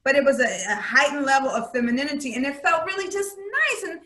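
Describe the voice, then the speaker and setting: A woman in casual chat, telling stories in an animated, expressive way, recorded in an echoey room. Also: high voice, fast.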